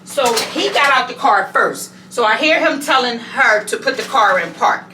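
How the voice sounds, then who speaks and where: A woman vlogger telling a story in an animated, conversational way at home. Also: on the high side, moderate pace, roomy sound, distant mic, a little hiss or hum, low-quality recording. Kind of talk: storytime vlog. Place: home bathroom.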